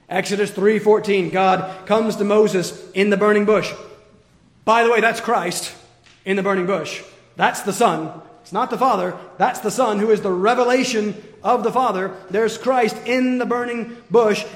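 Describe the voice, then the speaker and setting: A man preaching an expository sermon with emphatic points that swing from forceful to quiet. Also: high-pitched. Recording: echoey hall with long reverb.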